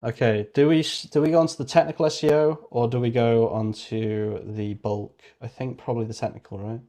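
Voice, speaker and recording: A man's voice: medium pitch, fairly even intonation, brisk, mellow. A man with a British accent livestreaming casually, thinking aloud and muttering as he works. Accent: British English. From Britain. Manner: muttering, rambling, self-correcting.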